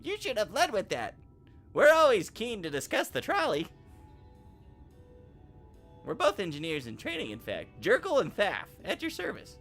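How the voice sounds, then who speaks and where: A man's voice: high-pitched, wildly swooping pitch, normal speed, pauses often, a bit bright, faint music behind, pitched above the performer's own voice, exaggerated voice. A man voicing an eager male engineer in a game, with a put-on Cockney accent and theatrical delivery. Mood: proud. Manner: theatrical, grand pronouncements. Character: eager male engineer NPC, proud of trolley.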